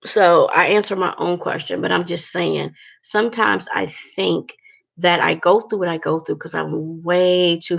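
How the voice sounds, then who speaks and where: A woman's voice: on the low side, creaky, lo-fi sound. A woman talking candidly and bluntly to her viewers in a casual vlog, cursing freely and using lots of fillers. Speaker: vlogger.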